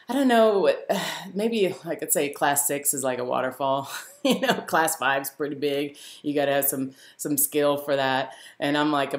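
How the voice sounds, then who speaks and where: A woman hosting a live stream, telling a story to her viewers in a casual, animated way, laughing often and using many fillers. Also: deep voice. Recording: roomy echo.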